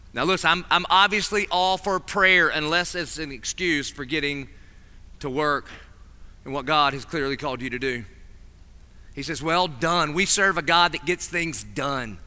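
A man preaching a sermon with a high, very bright and sharp tone, lively and theatrical as he acts out small scenes. His voice rings with the long reverb of a big chapel hall. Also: normal speed, clear, resonant tone. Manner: animated, acts out voices in stories.

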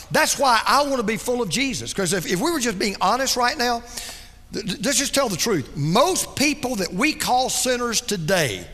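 A man preaching a sermon as pastor, with dramatic delivery that drops soft and low for emphasis. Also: in a large hall.

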